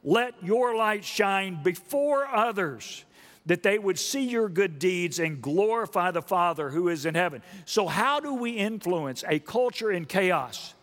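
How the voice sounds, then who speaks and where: A man preaching a sermon emphatically, asking the congregation questions and building up to loud repeated stresses. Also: high-pitched, animated, measured pace. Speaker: pastor. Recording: long reverb of a large hall.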